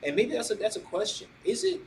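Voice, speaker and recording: A man hosting a casual podcast, talking in an animated way, throwing questions to his co-host and calling him bro. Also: high-pitched, fast talker, slight background noise, poor audio. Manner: animated, says "bro" and "right?" often, asks questions.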